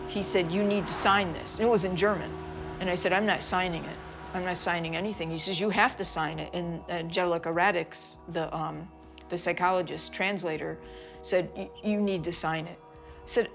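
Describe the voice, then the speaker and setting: A woman's voice: fairly low pitch, creaky. A middle-aged American woman giving documentary interview testimony, recounting events in an earnest, distressed way. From United States. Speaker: interviewee, mother of a missing son. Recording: music bed under the voice.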